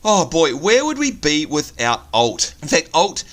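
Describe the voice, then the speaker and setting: An enthusiastic Australian man chats through a gameplay video. His tone is ringing and clear, his pitch sits a bit high for a man, and it swoops up often when he gets excited. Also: measured pace. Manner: enthusiastic, exclamatory, chatty. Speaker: co-host of a game channel. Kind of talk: casual gameplay chat.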